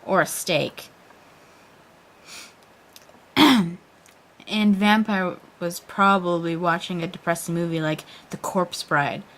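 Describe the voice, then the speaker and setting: A woman's voice: fairly low pitch, fairly even intonation, slow pace, pauses often, a bit bright. A young woman giving a mock-dramatic reading of a fan story, with a wry, overdone delivery and sarcastic asides. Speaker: reader.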